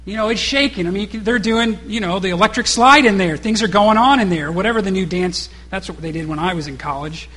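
A man's voice: sits high, a little fast, hardly any pauses, fairly bright tone. A middle-aged man preaching a sermon, mixing rhetorical questions with casual asides. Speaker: pastor.

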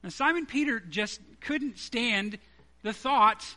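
A man delivers a sermon in a high, bright voice. He speaks earnestly and conversationally, as if talking with his congregation, and leans hard on key words. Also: takes it slowly. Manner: earnest, conversational preaching with emphatic stresses. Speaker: preacher.

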